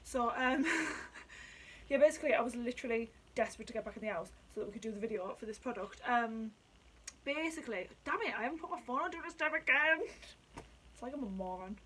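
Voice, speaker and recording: A chatty woman, talking to camera at home in an excitable, sweary way. Her voice sits a little high. A faint hiss runs under the recording. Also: brisk, low-quality recording. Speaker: vlogger reviewing drinks. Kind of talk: casual vlog chat. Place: at home indoors.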